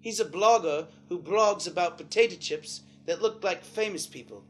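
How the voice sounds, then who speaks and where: A man's voice: high voice, normal speed. A man acting in a comedy sketch, speaking in a matter-of-fact way.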